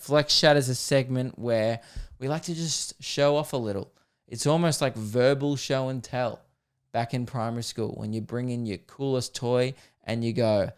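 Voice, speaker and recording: Young Aussie male podcast host, loose and jokey, casual swearing, medium pitch, clear tone. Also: moderate pace. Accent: Australian. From Australia. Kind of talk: casual solo podcast chat.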